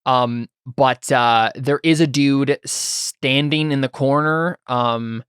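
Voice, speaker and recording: A man's voice: mid-range voice, fairly even intonation, slow pace, fairly bright tone, smooth, no echo. Man running a tabletop game, dry sound. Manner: hesitant, with many ums and restarts. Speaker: game master.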